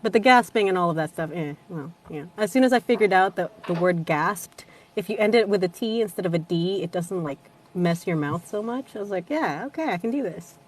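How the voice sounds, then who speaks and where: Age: adult. Sex: woman. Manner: chatty, laughing, casually swearing. Pitch: lowish. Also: fairly quick. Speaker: audiobook narrator guest. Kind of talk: casual chat.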